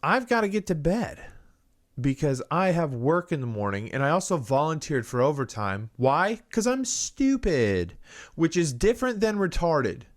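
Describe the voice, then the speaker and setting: A man's voice: a little high, normal speed. A man hosting a comedy show, ranting sarcastically and crudely, then answering listener questions. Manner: sarcastic and crude, swinging between mock-cynical and excited. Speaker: podcast host. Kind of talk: comedic political rant and listener Q&A.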